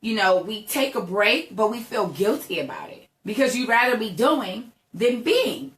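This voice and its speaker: A woman's voice: fairly high pitch, lively intonation, moderate pace, a bit bright, roomy sound. A young woman giving a chatty motivational talk to her viewers, emphatic and repeating "right?" constantly. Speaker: entrepreneur vlogger.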